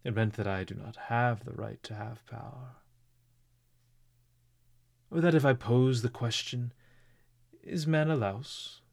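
A man's voice: medium pitch, measured pace, creaky, long pauses, a little mellow, no echo, studio quality. A man voicing a feverish, brooding young man confessing, intense and sometimes sinking into unvoiced whispers.

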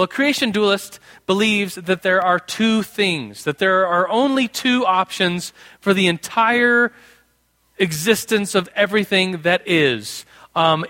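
Bright, high-voiced playful preacher man. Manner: playful, jokey teaching with a casual tone. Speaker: pastor teaching a congregation. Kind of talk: conversational sermon. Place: in front of a live group in a room.

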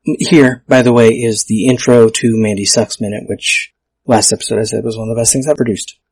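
Podcast host, male, gravelly and husky, casual and self-mocking, stumbles over words. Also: medium pitch, fairly even intonation, fairly quick, a little mellow. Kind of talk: casual solo podcast talk.

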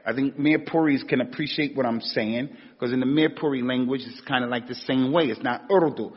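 Husky American man preaching in a hall. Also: medium pitch, a little fast. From United States. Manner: emphatic, repeats key words, rises sharply on rhetorical questions. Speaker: religious teacher. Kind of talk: Islamic lecture. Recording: dull, echoey hall recording.

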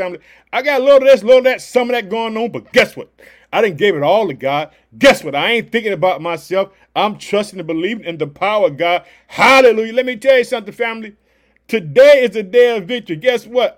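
A man from hosting a devotional podcast, exuberant and preacherly, calling out hallelujah between repeated phrases. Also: extremely high pitch. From Chicago, United States. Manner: exuberant, repetitive, shouts hallelujah often; preacherly call-and-response, folksy. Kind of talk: energetic devotional podcast talk.

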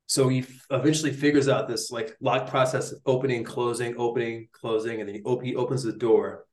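A young man tells a story in a roomy space, his voice swinging up and down a lot. He is loose and slangy, with constant likes and dudes. His pitch sits in the middle. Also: fairly even intonation, a little fast, darkish tone. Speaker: neuroscientist guest. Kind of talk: casual storytelling in a podcast interview. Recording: roomy echo.

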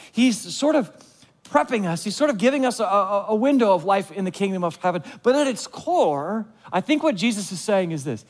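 A man, the pastor, preaching a sermon in a conversational way, asking the listeners questions and acting out short asides. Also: high-pitched. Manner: acts out short voiced asides. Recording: long hall reverb.

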